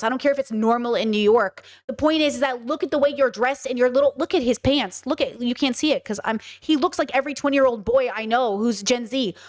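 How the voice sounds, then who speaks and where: A young woman streams her reactions, talking bluntly and with open exasperation. Her voice sits high, and she swears freely as she reacts. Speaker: commentary streamer. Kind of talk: reaction commentary to protest footage.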